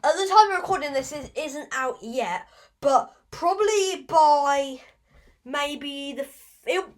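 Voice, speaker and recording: A woman's voice: high-pitched, expressive, slow pace. A woman hosting a casual podcast, rambling and fumbling over her words with self-deprecating asides. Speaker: podcast host.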